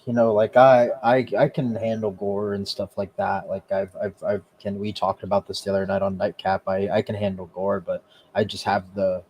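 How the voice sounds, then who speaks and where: A man talking on a live stream, halting and repeating words as he speaks. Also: fairly low pitch, little pitch movement, darkish tone, a little hiss or hum, rough recording. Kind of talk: casual live-stream talk.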